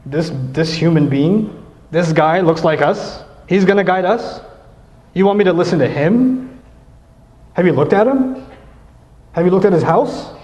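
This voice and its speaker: A man's voice: high-pitched, expressive, unhurried, pauses often, a little mellow. A man doing a mocking, incredulous skeptic. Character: scornful man mocking a prophet. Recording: echoey hall, dull lo-fi sound.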